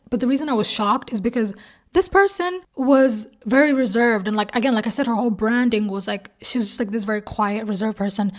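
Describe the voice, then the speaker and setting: A young woman vlogger telling a casual story, acting out the quoted lines and swearing freely. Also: a little high.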